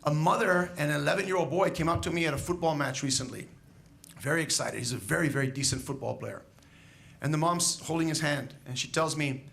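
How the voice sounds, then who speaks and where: A man's voice: on the high side, brisk, gravelly, fairly bright tone. A man who is a school educator, giving a graduation speech in an emphatic storytelling manner, asking the graduates rhetorical questions.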